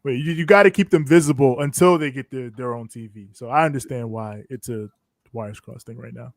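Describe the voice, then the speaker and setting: A man's voice: mid-range voice, brisk, dry recording, clean studio sound. A man co-hosting a casual wrestling reaction chat, laid-back and agreeable in his talk. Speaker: podcast co-host.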